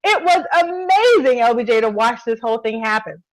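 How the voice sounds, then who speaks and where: A woman co-hosting a casual TV recap chat, expressive and quick to laugh. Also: fairly high pitch, no echo, low-quality recording. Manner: expressive, laughs often, keeps addressing co-host. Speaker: podcast co-host.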